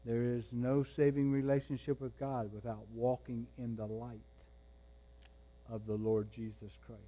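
A man preaching a sermon, moving between quiet, intense passages and raised, emphatic ones. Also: medium pitch, level tone, unhurried, highs cut off. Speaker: pastor.

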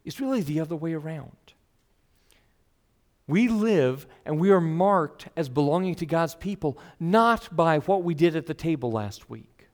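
A man's voice: fairly high pitch, expressive, unhurried. A man preaching an expository sermon, earnest and emphatic, who voices his listeners' objections as he goes.

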